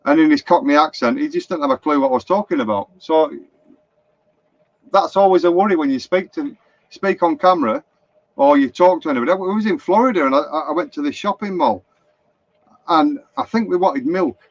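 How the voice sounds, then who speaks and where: Middle-aged Lancashire bloke, fairly high voice, yarning to his live-stream viewers, muffled sound. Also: animated, a little fast, no room sound. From Lancashire, England. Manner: chatty, anecdotal, reads out viewer comments. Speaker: motorhome vlogger. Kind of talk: rambling live-stream chat. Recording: dull lo-fi live stream, dry.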